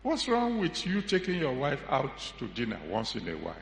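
Preaching with humor, a man stretches out words for emphasis in a drawn-out delivery. His medium-pitched voice has huge pitch swings and vocal fry, recorded in an echoey hall with faint ambience.

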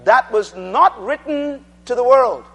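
High-pitched preacher. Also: male voice, lively intonation, measured pace. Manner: call-and-response, drilling the congregation to repeat phrases; swings between loud declarations and low quiet asides. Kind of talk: sermon.

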